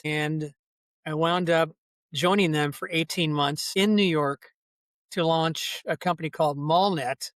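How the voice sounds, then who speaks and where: A man's voice: on the high side, a bit bright, no echo. An older man, a podcast guest, telling long casual anecdotes full of asides. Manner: rambling, folksy anecdotes with many asides. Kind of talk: casual storytelling.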